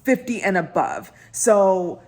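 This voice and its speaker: A woman's voice: mid-range voice, slow pace. A woman vlogger, a bit drunk, ranting and telling stories in a casual chat. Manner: ranting, animated storytelling. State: tipsy.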